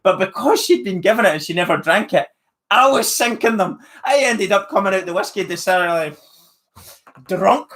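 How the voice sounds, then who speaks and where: A man's voice: high voice, lively intonation, normal speed, a bit bright. A man with a Northern Irish accent hosting a live stream, chatting casually and reading out viewer comments. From Northern Ireland. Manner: chatty, friendly, reads viewer names aloud.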